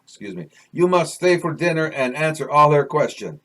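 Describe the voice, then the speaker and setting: A man's voice: a little high, expressive, moderate pace, a bit bright, slight background noise. A man voicing a jovial, easygoing middle-aged friend who speaks teasing, broken English with a heavy French accent, in a storybook reading.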